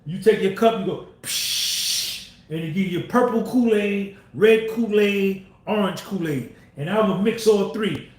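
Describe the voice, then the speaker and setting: High-voiced man telling a story. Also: a little slow, few pauses. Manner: repetitive, acts out quoted dialogue. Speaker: podcast host. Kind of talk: casual storytelling. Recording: roomy echo.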